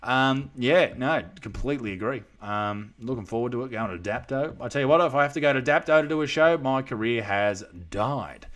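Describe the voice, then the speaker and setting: A man's voice: mid-range voice, brisk, few pauses, a bit bright. An Australian man hosting a live stream, chatting casually with crude jokes. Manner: crude, joking banter. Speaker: comedian livestream host.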